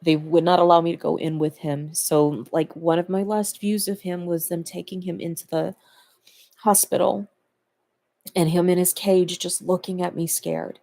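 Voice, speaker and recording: A woman's voice: on the low side, steady tone, normal speed, gravelly, warm tone. A woman talking casually to the camera, reflecting fondly and laughing between her thoughts. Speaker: vlogger.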